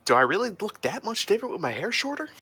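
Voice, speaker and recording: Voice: mid-range voice, very animated, fast talker, bright, forceful tone, slightly rough, no room sound, studio quality, pitched above the performer's own voice, exaggerated voice. A player voicing a brash, defensive adventurer mother. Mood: puzzled. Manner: defensive, swearing, incredulous. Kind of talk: tabletop role-play in character.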